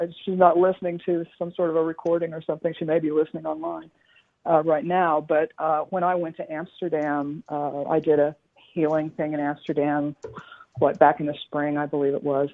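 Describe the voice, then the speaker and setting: Middle-aged woman guest, earnest halting storyteller, phone-line sound. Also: deep voice. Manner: earnest, halting, many restarts and fillers. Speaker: spiritual teacher guest. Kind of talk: casual storytelling on a radio talk show.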